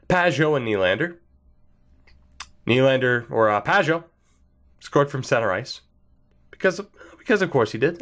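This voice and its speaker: Male game commentator, sarcastic, slightly high voice, swinging pitch. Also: fairly bright tone. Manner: sarcastic, self-mocking. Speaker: gaming channel host. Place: indoor room by a wall. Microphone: desk mic facing camera.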